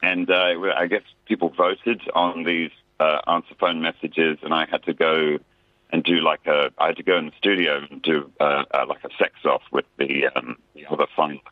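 A man's voice: very deep voice, level tone, normal speed, no room sound. A man, a musician guest chatting casually and self-deprecatingly in a radio interview. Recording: dry tinny phone line.

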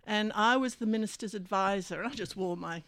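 A woman's voice: medium pitch, brisk, fairly bright tone, dry recording. A woman in her sixties telling stories as a guest, chatty and anecdotal, often starting over mid-sentence. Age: 60s. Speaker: guest, actor and musician. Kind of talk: conversational storytelling.

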